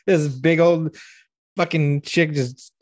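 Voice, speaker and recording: A man's voice: fairly high pitch, fairly even intonation, slow, no echo, clean studio sound. A man co-hosting a podcast, telling stories with lots of swearing and acted-out quotes. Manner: profane storyteller, acts out quotes loudly. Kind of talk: casual chat.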